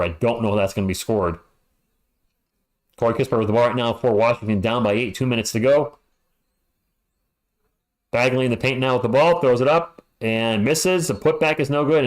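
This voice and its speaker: A man calling a basketball game live as a fan commentator, chatting and ranting between plays. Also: mid-range voice. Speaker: play-by-play commentator.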